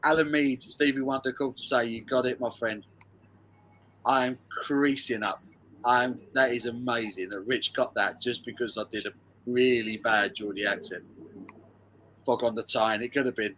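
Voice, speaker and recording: A man's voice: mid-range voice, fairly even intonation, moderate pace, pushed and bright, slight background noise. A man hosting a charity live stream quiz, reading out viewers' answers and bantering, with frequent swearing and laughter. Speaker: live stream host running a music quiz.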